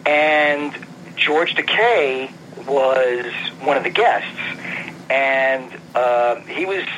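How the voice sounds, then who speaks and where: A man's voice: medium pitch, extremely slow, fairly bright tone, slight background noise, rough recording. A man being interviewed about his comic book writing, telling an anecdote in a casual, self-interrupting way. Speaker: guest, comic book writer.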